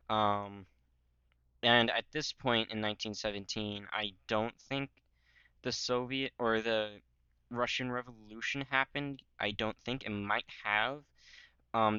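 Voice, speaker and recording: A man's voice: on the low side, bright, forceful tone, clear, resonant tone, no echo, dull audio. A man talking casually over a history map, rambling with many "um"s and "like"s and goofy jokes. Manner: rambling, filler-heavy, joking. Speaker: history channel host.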